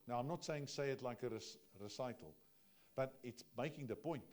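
A man preaching a sermon from the pulpit in a mid-pitched voice. He talks to the congregation plainly and directly, swinging between soft, low asides and loud, emphatic stretches. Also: moderate pace. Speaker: pastor.

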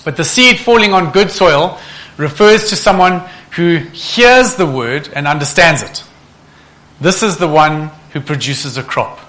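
A man preaching with a bright, forceful voice that sits somewhat high. He is animated and keeps asking the congregation rhetorical questions. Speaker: pastor. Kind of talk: sermon.

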